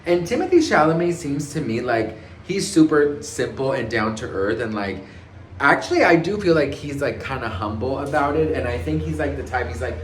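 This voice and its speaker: A man's voice: mid-range voice, expressive, normal speed, slight background noise. A man vlogging celebrity gossip in a sassy, dramatic way, calling viewers girl and best friend and acting out quotes in raised voices. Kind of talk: casual gossip chat. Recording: echoey room with faint ambience.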